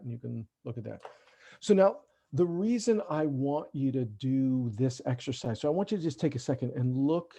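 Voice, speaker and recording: A man's voice: medium pitch, dark tone. A man giving a parenting workshop over a video call, talking conversationally and often checking in with "right?". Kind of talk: online parent workshop talk. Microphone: computer mic on a video call.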